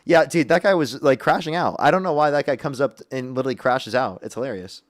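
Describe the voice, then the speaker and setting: Fast-talking livestream host, dry sound. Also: male voice, mid-range voice, no echo. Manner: amused, reading out donations. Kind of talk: casual livestream chat.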